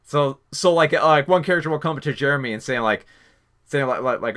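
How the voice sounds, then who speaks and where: A man reviewing a film in a casual spoken style, exasperated and halting with many restarts. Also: mid-range voice, a bit bright.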